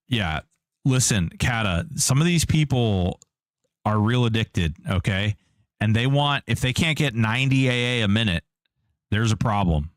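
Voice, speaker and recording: A man's voice: fairly low pitch, no echo. Streamer dude chatting over his game, teasing chat, dry close mic. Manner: chatty, jokey, reads and answers chat. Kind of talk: casual live-stream commentary.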